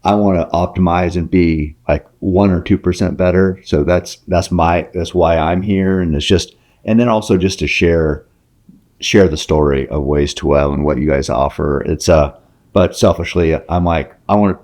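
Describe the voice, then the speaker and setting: A middle-aged man hosting a podcast, talking in a halting, rambling way full of fillers. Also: low-pitched, darkish tone. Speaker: podcast host. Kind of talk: casual podcast chat.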